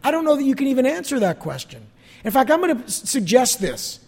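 A man preaching a sermon as pastor, with emphatic slow stresses and swings between loud and soft. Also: extremely high pitch, very animated, creaky, slightly rough, long reverb tail.

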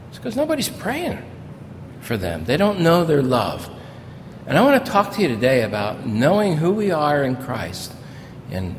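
An older man preaching as a pastor, telling personal stories in a folksy, storytelling way that grows animated in places. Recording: reverberant hall with faint rumble.

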